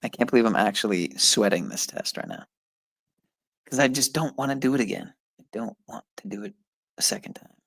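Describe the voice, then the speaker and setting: Gravelly-voiced man muttering swears. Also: medium pitch, animated, a little fast, a bit bright, no room sound, low-quality recording. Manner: frustrated, swearing, muttering to himself; talks to his viewers. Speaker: streamer. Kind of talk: casual live-stream talk while taking an online test.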